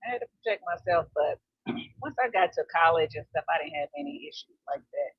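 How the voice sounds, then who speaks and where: A woman's voice: deep voice, animated, brisk, husky, dry recording. A middle-aged woman hosting and chatting in an easygoing, conversational way over a video call. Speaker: host. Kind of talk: casual chat. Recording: dull lo-fi dry sound.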